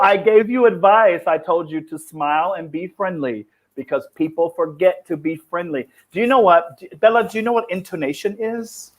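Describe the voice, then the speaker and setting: A cheerful man who teaches English, talking casually and laughing a lot. His voice sits a little high for a man, and he slows down to explain things with patience. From foreign, living in Cambodia. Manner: upbeat, laughs often, explains slowly and patiently. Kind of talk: casual live-stream chat.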